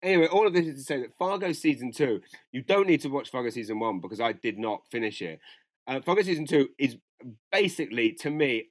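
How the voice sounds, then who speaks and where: A man's voice: mid-range voice, dry recording. A man, co-hosting a casual chat and rambling through strong, profane opinions. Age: 40s. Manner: rambling, opinionated, swears freely. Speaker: podcast co-host.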